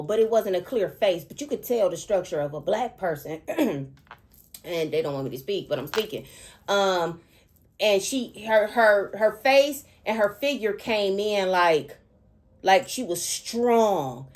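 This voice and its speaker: A middle-aged woman, a spiritual seer, telling a dream in an emotional, repetitive way and often pausing to ask "okay?". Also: mid-range voice, darkish tone. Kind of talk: spiritual storytelling monologue.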